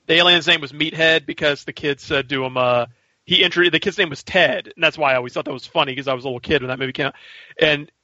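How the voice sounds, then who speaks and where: Bright, joking male podcast co-host. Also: on the high side, quick pace, no room sound. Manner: jokey, crude, jumps into impressions. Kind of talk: casual chat. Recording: dull lo-fi podcast audio.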